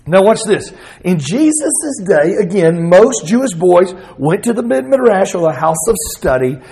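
A middle-aged man with a Southern accent preaching a sermon, expressive, at times acting out the words of Jesus. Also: high-pitched, vocal fry, rough recording. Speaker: pastor.

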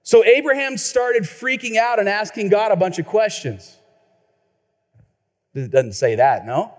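A male pastor preaching a sermon, telling stories in a lively way and repeating words when excited. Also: high-pitched, unhurried, long reverb tail.

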